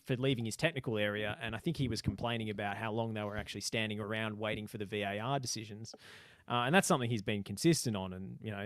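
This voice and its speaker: Measured man, dry close sound. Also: on the low side, dry recording. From Australia. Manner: measured, analytical. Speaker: podcast co-host. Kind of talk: casual chat.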